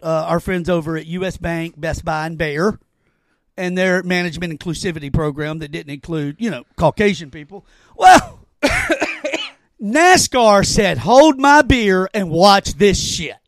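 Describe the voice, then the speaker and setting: A man hosting a casual podcast chat, talking in an animated, excitable way and stammering when he makes a point. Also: a little high, normal speed, no echo. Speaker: podcast host.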